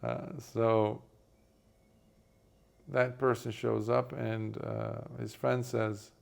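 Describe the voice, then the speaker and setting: A man who is a Buddhist monk, giving a dharma talk and telling a parable, in an unhurried way with many fillers. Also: medium pitch, flat delivery, creaky.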